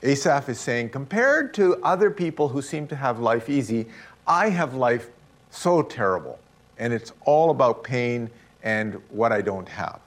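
A middle-aged man delivers a sermon in a mid-range voice. His pitch swings widely as he stresses points and acts out the lines he quotes. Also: expressive, unhurried. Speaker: pastor.

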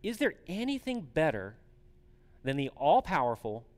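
A pastor preaching a conversational sermon, putting questions to the congregation. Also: male voice, on the high side, huge pitch swings, normal speed, darkish tone, long reverb tail.

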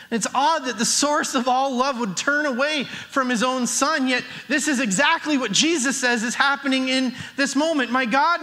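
A man's voice: very high-pitched, pushed and bright. A middle-aged man preaching a sermon as pastor, earnest and emphatic. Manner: earnest, builds emphasis with restarts.

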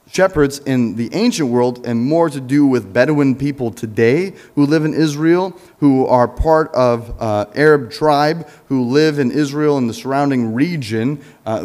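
A man's voice: mid-range voice, a little mellow. A man preaching a sermon in a church, talking easily with the congregation, asking them questions, answering them himself and joking with them. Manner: jokes with the congregation. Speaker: pastor. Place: church sanctuary.

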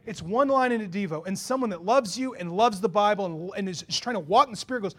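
A man with a fairly high voice preaches to his church. He is animated and builds from quiet reflection to loud, pressing rhetorical questions. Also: fast talker, hardly any pauses. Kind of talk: sermon. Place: church before a congregation.

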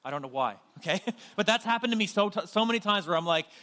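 A man's voice: high voice, expressive, quick pace, sharp tone. A young adult man from New Brunswick, Canada, preaching as pastor in a conversational, self-deprecating way with frequent restarts. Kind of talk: sermon.

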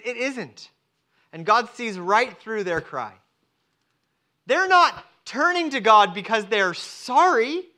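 A man's voice: high voice, bright, forceful tone. A man preaching a sermon to a church congregation, acting out the quoted voices of God and people. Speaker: pastor. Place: church service.

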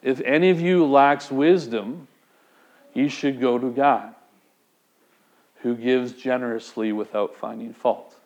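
A man preaching a sermon, speaking conversationally and putting direct questions to the congregation. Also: medium pitch. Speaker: pastor.

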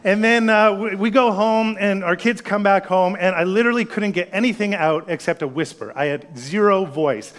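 Male pastor, 30s, slightly high voice; conversational sermon, anecdote into scripture. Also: fairly quick, few pauses. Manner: storytelling, conversational, drops to a hush for solemn lines.

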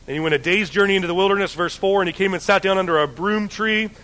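A man's voice: high voice, fast, pushed and bright, low-quality recording. A man teaching the Bible, reading passages and retelling them in conversational everyday language. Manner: conversational, paraphrases scripture in everyday slang. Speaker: preacher.

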